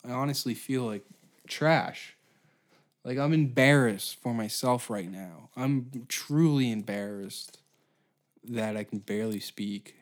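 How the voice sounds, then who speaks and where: A man's voice: mid-range voice, takes it slowly. A man hosting his own podcast, ranting sarcastically with heavy swearing, frequent stutters and restarts. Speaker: podcast host. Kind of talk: casual solo podcast rant.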